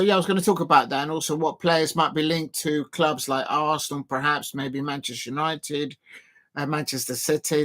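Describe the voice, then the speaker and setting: A man with a slightly high, somewhat bright voice chats through a football match on a live watch-along stream. Close to his desk microphone, he rambles along in a self-deprecating way, full of fillers and restarts.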